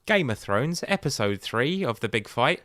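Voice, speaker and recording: A man co-hosts a casual podcast, easygoing and quick to agree. His voice is mid-pitched. The recording sounds dry and close. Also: big pitch swings, fairly bright tone, dry recording. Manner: laid-back, agreeing, chiming in. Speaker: podcast co-host. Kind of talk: casual chat.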